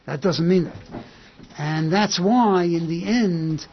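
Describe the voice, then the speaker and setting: A gravelly, somewhat high-voiced man teaches an informal Torah class, often restarting and repeating his phrases. The sound is dull and lo-fi, with a faint hiss underneath. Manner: halting and repetitive, restarting phrases. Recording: dull lo-fi recording.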